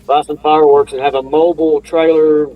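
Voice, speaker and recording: A man's voice: fairly high pitch, level tone, fairly quick, narrow, tinny audio, faint music behind. A man calling into a podcast who talks in a laid-back, agreeable way. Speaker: caller. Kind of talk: casual phone-in chat.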